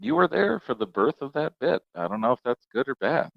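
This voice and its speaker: A man chatting casually as a podcast guest, playful and quick to laugh. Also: medium pitch, big pitch swings, gravelly, no room sound, narrow, tinny audio.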